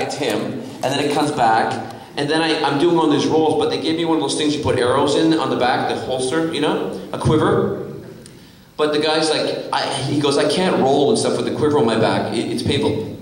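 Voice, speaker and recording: A man, an actor guest on a convention panel, telling an animated story to a crowd with lots of laughing and fillers. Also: on the high side, fairly quick. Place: convention hall panel room. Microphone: distant from the recording mic. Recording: echoey hall from far off.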